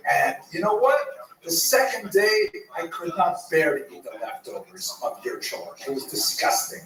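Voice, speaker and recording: A man's voice: sits high, big pitch swings, moderate pace, voice pushed up. A man voicing an indignant young woman, a college-age daughter, whiny and insistent. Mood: spiteful. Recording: roomy, far from the mic.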